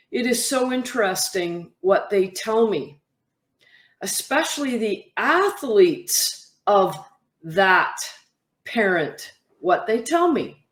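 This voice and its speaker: A woman who is a mental toughness coach, giving advice to camera and acting out what young athletes tell her. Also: roomy sound. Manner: animated, acts out athletes' quotes in a higher voice. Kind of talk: talking to camera, advice monologue.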